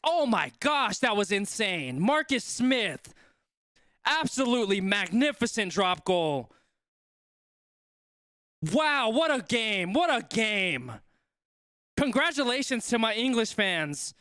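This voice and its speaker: A high-voiced, excitable man hosts a live sports watch-along and calls the action as it happens. His delivery is unhurried but bright and sharp, and he keeps repeating his exclamations. The sound is dry and close. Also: no room sound. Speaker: live stream host.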